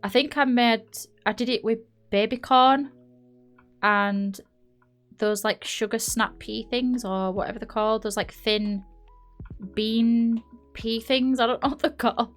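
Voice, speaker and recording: A woman's voice: on the high side, steady tone, measured pace, soft background music. Chatty, rambling Yorkshire woman streamer. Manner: rambling, chatty, frequent laughs and self-corrections. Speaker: live streamer. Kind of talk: casual chat while playing a building game.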